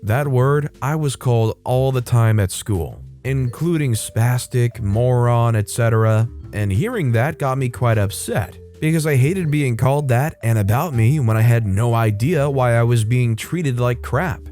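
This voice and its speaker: A man's voice: medium pitch, measured pace, few pauses. A man narrating stories and commenting on them in a plain, matter-of-fact way. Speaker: story narrator. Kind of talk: reading stories aloud. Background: soft music.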